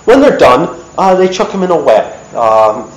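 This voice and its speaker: A man giving a lively, chatty storytelling talk at an event, with plenty of ums and uhs. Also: on the high side, unhurried. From United States. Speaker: presenter. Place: event hall. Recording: echoey hall.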